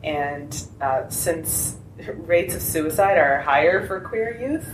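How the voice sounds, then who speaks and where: Low-voiced woman panelist, impassioned, restarts often, echoey room. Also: expressive, takes it slowly. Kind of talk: convention panel discussion. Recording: echoey room with faint noise.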